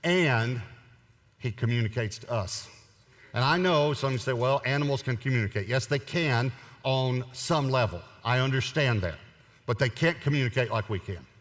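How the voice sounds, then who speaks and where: A man's voice: mid-range voice, animated, unhurried, fairly bright tone. A man preaching a sermon in a conversational, humorous way, driving points home by repeating them. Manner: conversational, humorous, emphatic repetition. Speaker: pastor. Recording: long hall reverb.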